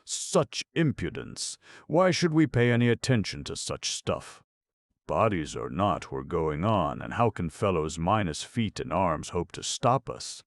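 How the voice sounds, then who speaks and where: A man's voice: low voice, very animated, a little slow, no echo, clean studio sound, pitched above the performer's own voice. A man voicing a pompous, elegant male elephant who grumbles and blusters. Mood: indignant. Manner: grumbling, haughty.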